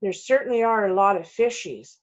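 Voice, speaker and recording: A woman voicing a gentle, patient mother in a children's storybook, explaining things slowly. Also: mid-range voice, close to an everyday voice. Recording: dull lo-fi recording.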